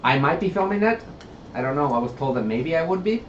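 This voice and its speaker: A man's voice: on the high side, animated, fairly quick. A man co-hosting a casual live stream while building puppets, offhand and teasing. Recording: roomy, dull, faint hiss.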